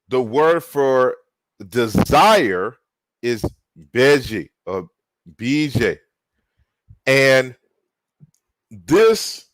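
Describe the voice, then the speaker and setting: A man giving an online linguistics lecture, deliberate, spelling out words with frequent fillers and restarts. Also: medium pitch, fairly bright tone, no echo.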